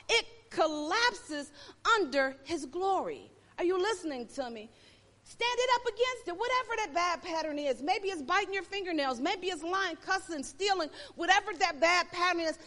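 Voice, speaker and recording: A woman preacher delivering an emphatic, repetitive sermon, swinging between loud and soft. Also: extremely high pitch. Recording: long hall reverb.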